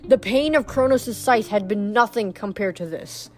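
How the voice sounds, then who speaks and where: A woman's voice: mid-range voice, moderate pace, soft background music. A woman reading a novel aloud in the first person, plainly and with small slips and restarts. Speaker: reader.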